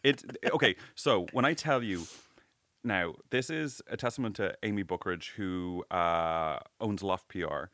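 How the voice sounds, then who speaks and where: Low-voiced man, joking podcast chat. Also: dry recording, studio quality. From Ireland. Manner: animated, swearing, quick jokes. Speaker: podcast co-host. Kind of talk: casual chat.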